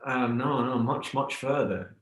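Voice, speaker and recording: A man voicing a calm, wise frog from the ocean who explains things slowly and patiently. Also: mid-range voice, a little hiss or hum, close to an everyday voice. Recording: roomy echo.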